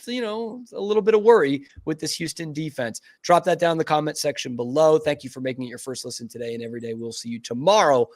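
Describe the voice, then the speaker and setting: A man's voice: fairly high pitch, quick pace, few pauses. A man hosting a sports podcast, chatting casually and with enthusiasm. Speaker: podcast host.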